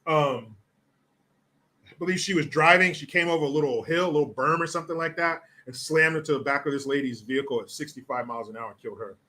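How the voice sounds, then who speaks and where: A man's voice: a little high, fast talker, pushed and bright. A male host giving casual commentary on viewer comments, blunt, profane and rambling.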